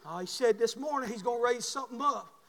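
High-voiced preacher, folksy then shouting. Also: male voice, fast talker. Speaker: pastor. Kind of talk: sermon. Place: church sanctuary. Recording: long hall reverb.

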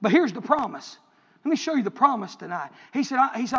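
A man preaching a sermon, telling stories with passion and swinging between loud and hushed delivery. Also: extremely high pitch, very animated, fast, slightly rough. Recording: echoey hall, dull lo-fi sound.

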